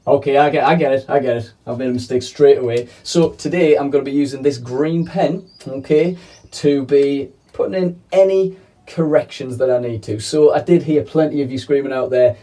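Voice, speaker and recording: A man's voice: mid-range voice, steady tone, moderate pace, dark tone, far from the mic. A man teaching a children's video lesson in a playful, chatty way, often checking in with "okay?". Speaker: primary school teacher.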